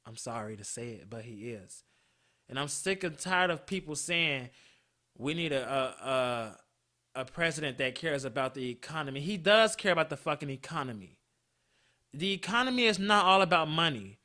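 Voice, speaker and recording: A man in his twenties hosting a solo podcast, swearing constantly and swinging between heated outbursts and low mutters. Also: animated, moderate pace, sharp tone. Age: 20s. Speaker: podcast host.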